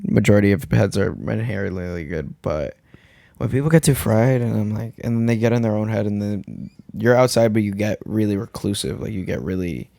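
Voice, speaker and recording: A man's voice: on the low side, brisk, creaky, warm tone, dry recording. A man hosting a podcast in casual chat, rambling with restarts and quoted asides. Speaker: podcast host.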